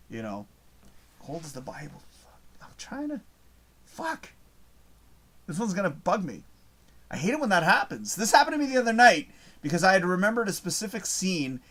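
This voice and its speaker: A man's voice: a little high, a bit bright. A man hosting a live show, reading out chat messages in a casual, rambling way, swearing often and losing his train of thought.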